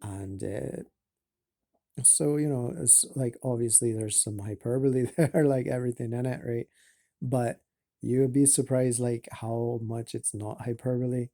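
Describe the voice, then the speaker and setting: Guy doing a put-on scottish accent, rambling slow with lots of ums, super dark mellow voice, dry sound. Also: mid-range voice, fairly even intonation, no room sound. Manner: halting, full of fillers and restarts, swears casually. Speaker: vlogger. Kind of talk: rambling casual monologue. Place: at home.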